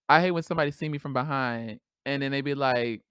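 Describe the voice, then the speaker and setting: A woman hosting a podcast solo, talking in a casual, animated, slangy way and laughing often. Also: a bass voice, smooth, no room sound, studio quality. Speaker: podcast host.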